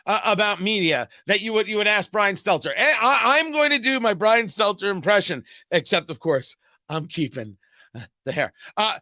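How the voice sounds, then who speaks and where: A man's voice: high-pitched, sharp tone, dry recording, clean studio sound. A man hosting a political commentary show, talking in a sarcastic, emphatic way. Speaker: host.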